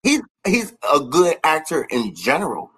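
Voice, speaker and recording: Lively high-voiced man chatting and laughing. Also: normal speed, a crowd in the background, rough recording. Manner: animated, laughs often, acts out quotes from shows. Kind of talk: casual chat about TV shows.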